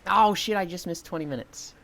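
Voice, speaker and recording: A man's voice: high voice, fairly quick, gravelly, fairly bright tone. A man chatting casually with his viewers during a live stream while he exercises, rambling and chatty.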